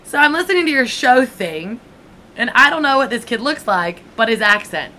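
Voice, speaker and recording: A woman co-hosting a podcast, chatting casually in a teasing, lively way. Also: on the high side. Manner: teasing, lively, quick laughs. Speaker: podcast co-host. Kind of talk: casual chat. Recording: faint background noise.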